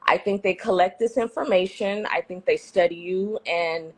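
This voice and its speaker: A woman from the San Francisco Bay Area answering in a casual street interview, relaxed and thoughtful, often saying "you know". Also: on the low side, normal speed.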